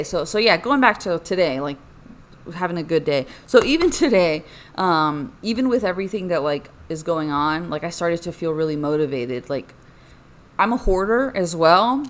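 Rambling young woman podcaster, slightly low. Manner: rambling, frequent "like" fillers, animated bursts. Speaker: podcast host. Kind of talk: casual personal podcast monologue.

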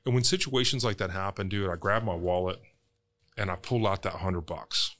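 A man's voice: low voice, normal speed, fairly bright tone. A man, a real estate entrepreneur, candidly telling a personal story as a podcast guest, emotional and casually swearing.

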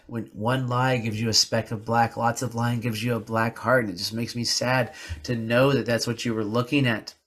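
A man's voice: medium pitch, fairly bright tone. A man hosting a podcast, telling a personal story in an earnest, confessional way and repeating words for emphasis. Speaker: podcast host. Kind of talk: personal reflective podcast monologue.

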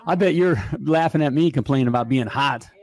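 A man hosting a live talk show from a studio. He talks in an energetic, chatty way and keeps tacking "all right?" onto his lines. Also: medium pitch, a little fast. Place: home studio.

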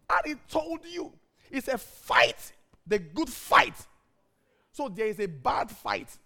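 A man preaching from the pulpit in a high, gravelly voice. His pitch leaps and dips all over as he hammers home repeated refrains, one moment shouting, the next dropping to a hush, at an unhurried pace. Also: big pitch swings. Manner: emphatic preaching with repeated refrains, swinging between shouts and hushed tones. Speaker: pastor. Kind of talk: sermon.

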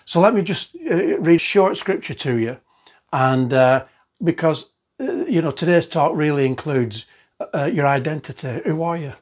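A man's voice: fairly high pitch, expressive, moderate pace. A man giving an online sermon in a conversational, earnest way, with frequent fillers. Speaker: pastor.

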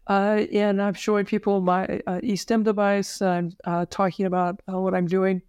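A woman physician telling her personal story as a podcast guest, halting, with many fillers and restarts. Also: medium pitch, flat delivery, a little mellow, clear, resonant tone, dry recording, clean studio sound. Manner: emotional at moments. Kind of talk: personal story told in an interview.

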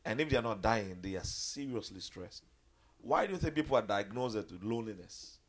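A man preaching a sermon, animated, swinging between loud high outbursts and low quiet stretches. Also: brisk. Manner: animated, acts out quoted voices with big jumps in pitch.

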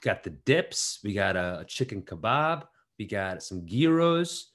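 Playful low-voiced man riffing jokes. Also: sing-song, a bit bright. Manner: playful, riffing bits with quick restarts. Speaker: podcast co-host. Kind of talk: joking casual chat.

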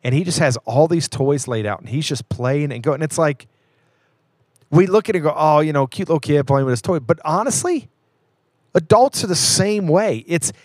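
A man's voice: fairly high pitch, expressive, normal speed, darkish tone, dry recording, clean studio sound. A man in his thirties co-hosting a podcast, telling earnest stories in casual chat. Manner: earnest, storytelling. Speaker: podcast co-host.

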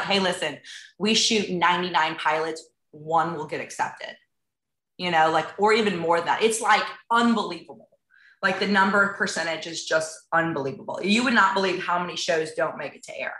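A woman realtor talks in a loose, chatty way, leaning on "like" and "um" and playing out little conversations as she goes. Her voice is bright and sits a little low. The recording has the echo of a hard room. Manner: chatty, acts out dialogue, many fillers like "like" and "um". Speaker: realtor and TV show guest. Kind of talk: casual interview chat.

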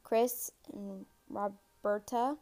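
She hosts a casual true-crime podcast at medium pitch, speaking extremely slowly. Chatty and excitable, she talks directly to listeners and sometimes stumbles while reading aloud.

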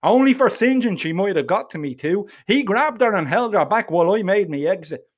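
A middle-aged man narrating a comic tale, gruff and blunt with plenty of swearing. His voice sits high for a man and swings widely up and down as he tells it. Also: animated, a little fast. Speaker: storyteller.

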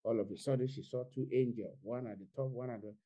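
A man's voice: mid-range voice, quick pace, mellow, muffled recording. A man preaching an Easter sermon online, repeating his phrases and building to fervent exhortation. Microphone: online video call.

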